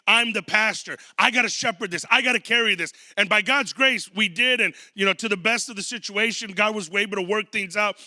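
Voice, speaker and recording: High-voiced bright male preacher. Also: no echo, studio quality. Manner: storytelling with acted quotes. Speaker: guest pastor. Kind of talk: sermon.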